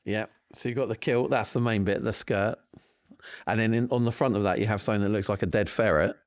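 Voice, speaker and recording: A man hosting a comedic news quiz podcast, joking in deadpan asides. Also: fairly low pitch, a little fast, no room sound, clean studio sound. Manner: jokey, deadpan asides, frequent laughter. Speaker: quiz host.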